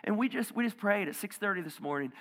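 A male pastor giving a conversational sermon, dropping to hushed near-whispers and rising to loud emphatic bursts. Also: high voice, lively intonation, quick pace, in a large hall. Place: church auditorium.

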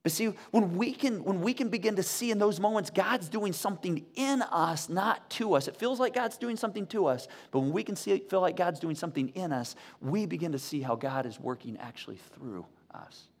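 Male pastor, animated sermon delivery, dramatic hushed moments, long hall reverb. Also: high-pitched, a little fast, few pauses. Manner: animated storytelling, acts out quotes, drops to near whisper.

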